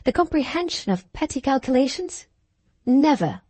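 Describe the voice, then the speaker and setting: A woman's voice: high voice, very animated, moderate pace, a little mellow, dry recording, pitched above the performer's own voice. Woman reading as a shrewd, knowing Victorian hostess.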